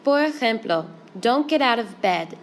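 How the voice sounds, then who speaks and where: A woman teaching a Spanish grammar lesson, explaining each step in a clear, steady way. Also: on the high side, measured pace, slight background noise.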